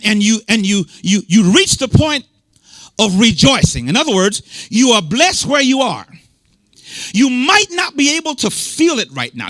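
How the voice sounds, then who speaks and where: An American man preaching in church, his high voice leaping widely up and down as he restates each point. He jokes with the congregation between lines, and the microphone sound is dry and close. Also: sharp tone, dry recording. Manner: emphatic and repetitive, restating points and bantering with the congregation. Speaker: bishop preaching. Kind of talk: sermon. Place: church service.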